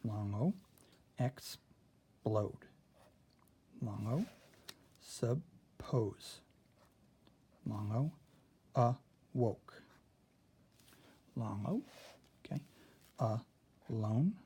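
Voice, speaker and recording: A man's voice: lowish voice, expressive, slow pace, pauses often, dark tone, husky. A man teaching a spelling lesson, walking through a word sort and checking in often with "okay.".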